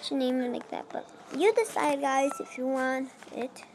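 High-voiced kid rambling through a game. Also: female voice, normal speed, darkish tone, slight background noise, rough recording. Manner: rambling, self-talking while playing, non-native phrasing. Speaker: let's play creator. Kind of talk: casual gameplay commentary.

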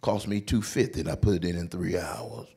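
A comedian playing his boastful, penny-pinching older father, who was in the military, in a low, mumbling drawl. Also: fairly quick, mellow, breathy edge. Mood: bragging. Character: thrifty bragging older military dad.

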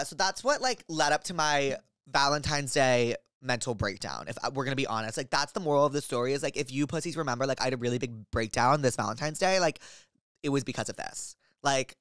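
A man's voice: a little high, smooth, no room sound, clean studio sound. A young man hosting a podcast, telling a story in rambling casual chat full of "like". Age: young adult. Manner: rambling, animated, heavy use of filler "like". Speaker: podcast host.

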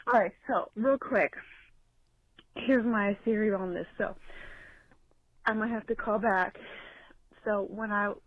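A young woman calling in to tell a rambling, profane story, excitable and loud. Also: medium pitch, slow, long pauses, slightly rough, no echo. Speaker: caller. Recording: tinny phone line with faint hiss.

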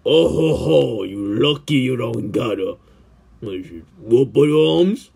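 Man voicing a sinister cartoon killer, fan dub, slow mocking taunts, raspy, gravelly. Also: medium pitch, animated, dark tone, voice pushed down, full character voice. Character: teasing sinister adult male killer, mocking.

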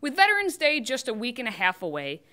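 A woman's voice: on the high side, wildly swooping pitch, fast talker, pushed and bright. A woman hosting scripted political commentary, delivering it with sarcastic, mocking asides.

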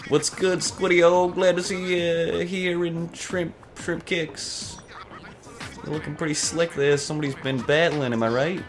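A brash, pushy shrimp shoe seller, played by a man and pitched far above his own voice, talking. He belts his sales patter loudly over light background music. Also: steady tone, a little slow. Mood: cocky.

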